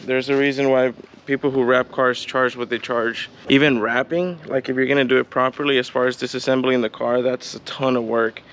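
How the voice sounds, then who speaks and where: A man talks casually to his viewers in a chatty vlog style, a little out of breath from hard work. He is recorded outdoors with a faint hiss of noise behind him. His pitch sits in the ordinary middle range for a man. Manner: casual, chatty, addresses viewers as "you guys". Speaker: car vlogger. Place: outdoors on a driveway, hot day.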